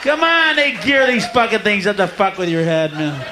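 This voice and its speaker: Profane high-voiced stand-up comic. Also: male voice, sing-song, moderate pace. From United States. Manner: profane, ranting, laughing. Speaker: stand-up comedian. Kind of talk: stand-up comedy set. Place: live stage before an audience. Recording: live crowd and noise behind.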